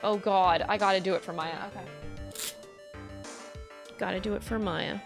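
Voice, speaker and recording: A young woman streaming a video game and reacting to it with excitable, jittery commentary and some swearing. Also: mid-range voice, normal speed, gravelly. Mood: nervous. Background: game music.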